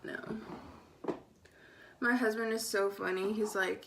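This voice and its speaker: A woman's voice: fairly high pitch, fairly even intonation, takes it slowly, creaky, pauses often, noisy background. A young woman chatting casually as she does her makeup, sassy and sarcastic, swearing freely. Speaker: beauty vlogger. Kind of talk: casual get-ready-with-me chat.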